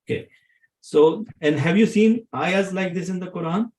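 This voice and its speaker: A man's voice: high voice, moderate pace, a little mellow, low-quality recording. A man teaching Arabic grammar to a class, often asking his students questions to check they follow.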